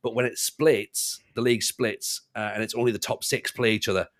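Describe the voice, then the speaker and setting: A man's voice: on the low side, steady tone, a little fast. A man hosting a casual podcast, rambling through stories with restarts and laughing at himself. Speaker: podcast host. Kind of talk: casual chat.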